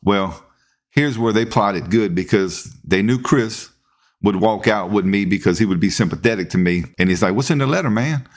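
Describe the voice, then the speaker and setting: Deep-voiced man telling a story. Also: normal speed. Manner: animated storyteller acting out quotes. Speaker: podcast host, police officer. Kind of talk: casual storytelling.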